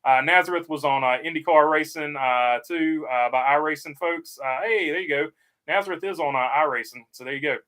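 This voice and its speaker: Male stream host, slightly high voice, laid-back chat, heavy on "uh" fillers. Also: a little fast, bright, forceful tone. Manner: frequent "uh" fillers, easygoing. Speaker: livestream host reading chat. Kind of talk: casual livestream chat.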